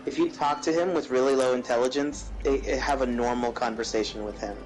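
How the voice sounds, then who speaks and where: A man's voice: mid-range voice, fairly even intonation, brisk, darkish tone, rough recording. A man, a guest on a game stream, chiming in with easygoing, brief replies. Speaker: guest, fellow gamer. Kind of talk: casual chat during a game stream.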